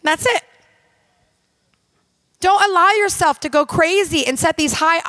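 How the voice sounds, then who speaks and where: A woman's voice: very high-pitched, unhurried, long pauses, fairly bright tone, no echo. A woman minister preaching a sermon in an emphatic, direct and conversational way, talking straight to her audience.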